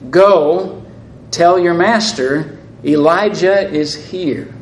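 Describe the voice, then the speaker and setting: A man's voice: mid-range voice, a little hiss or hum. A man preaching a sermon in a conversational way, with wry asides as he works through a Bible passage. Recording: echoey room with faint ambience.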